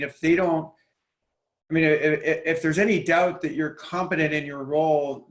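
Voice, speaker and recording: Roomy-sounding man explaining business trust. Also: on the high side. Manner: thoughtful, repeats words while building a point. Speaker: COO and guest. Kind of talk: conversational interview answers.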